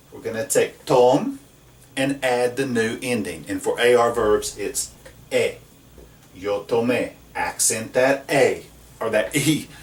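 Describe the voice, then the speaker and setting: Patient man teaching Spanish, echoey room. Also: mid-range voice. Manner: slow, patient, checks in with "okay?". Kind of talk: classroom lesson at a whiteboard. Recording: echoey room, mic at a distance.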